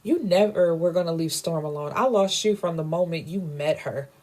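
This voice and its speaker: A man's voice: fairly high pitch, moderate pace, a little mellow, lightly acted. A woman quoting a cold, controlling rich man. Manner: blunt, profane, accusing.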